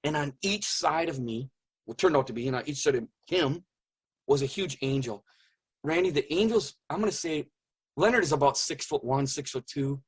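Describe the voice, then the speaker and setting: Male interview guest, husky and a bit high, earnest, halting testimony. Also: animated. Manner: earnest, halting, searching for words. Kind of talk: personal testimony in conversation.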